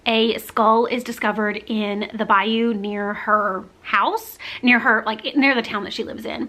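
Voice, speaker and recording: A young woman from the American South gives a casual, candid book review, rambling a little with fillers and restarts. Her voice sits slightly higher than most women's. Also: pushed and bright.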